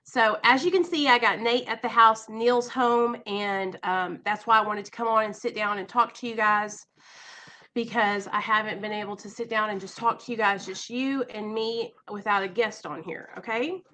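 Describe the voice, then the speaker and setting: A woman's voice: medium pitch, steady tone, moderate pace, sharp tone. A young woman, chatting casually and emotionally on a home live stream, nervous and rambling. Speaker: vlogger.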